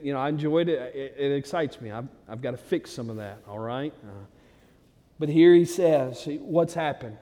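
A man preaching a sermon, talking plainly to his flock, then building to loud, excited peaks. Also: a little high, in a large hall. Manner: conversational preaching that swells to loud, excited climaxes. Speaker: pastor.

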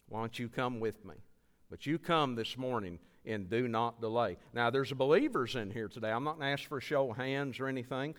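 A man preaching as a visiting evangelist, giving an earnest altar call and repeating his pleas. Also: mid-range voice. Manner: earnest, pleading, repeats phrases. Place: church sanctuary. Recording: long church hall reverb.

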